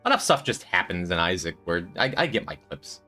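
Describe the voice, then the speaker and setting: A young man streams a game and keeps up a running, joking chat with his viewers. His voice is bright and lower-pitched, and it swings up and down a lot as he talks. Some music plays faintly in the background. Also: big pitch swings, brisk. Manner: chatty, joking, reads and answers chat while playing. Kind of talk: casual gameplay commentary chatting with chat.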